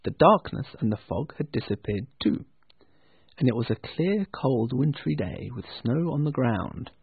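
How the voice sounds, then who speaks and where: A man narrating a storybook with an expressive, lingering delivery. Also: mid-range voice, normal speed, vocal fry, breathy edge, dry recording. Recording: tinny phone-like dry sound.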